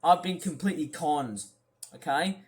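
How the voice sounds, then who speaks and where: A man from the UK delivering an angry, shouting rant as a YouTuber, scolding and repeating himself. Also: on the high side, moderate pace, husky. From United Kingdom. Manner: shouting and scolding, repetitive phrasing. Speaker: YouTuber ranting about a streamer.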